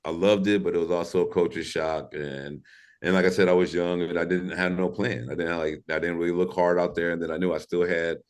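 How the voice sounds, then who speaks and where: A man's voice: deep voice, level tone, a little fast, smooth. A man from St. Louis, Missouri, a former pro skateboarder and podcast guest, telling stories in a laid-back, profane way and laughing through them. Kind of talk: casual storytelling interview.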